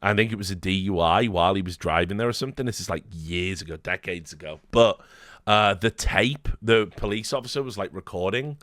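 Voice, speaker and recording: A man's voice: deep voice, brisk, fairly bright tone, no room sound, clean studio sound. A man telling a story casually, rambling, swearing often and laughing. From Britain. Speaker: streamer host.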